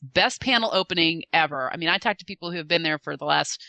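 A woman eagerly retelling a convention panel in casual chat, acting out the quotes with lively voice changes. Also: low-pitched, fast talker, no room sound. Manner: animated, acts out quotes with shifting voices. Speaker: fan recounting a convention panel.

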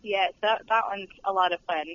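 A woman's voice: mid-range voice, fairly even intonation, moderate pace, fairly bright tone, dry recording, faint music behind. A young woman who works as a studio tour guide, chatting in a bubbly, giggly way with lots of fillers. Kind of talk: casual interview chat. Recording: dull lo-fi sound.

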